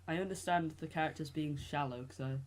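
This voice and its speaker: A man appearing as a guest on a podcast, chatting casually and answering quiz questions quickly but tentatively. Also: fairly high pitch.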